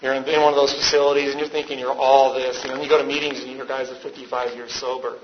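A man shares his recovery story with a meeting crowd in a loose, rambling way, poking fun at himself and laughing often. The recording is muffled and lo-fi, with steady noise underneath. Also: medium pitch, very fast. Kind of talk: personal story told to a live meeting. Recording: dull lo-fi with background noise.

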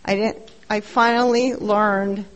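A woman's voice: medium pitch, steady tone, slow. A middle-aged woman giving a candid, profane recovery share at a meeting, telling her story bluntly and with self-mockery.

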